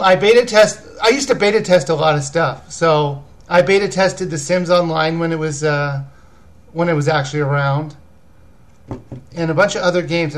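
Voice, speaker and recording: A man hosting a casual live video chat, rambling as he answers viewers' questions about games. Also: on the high side. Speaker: video game reviewer and host.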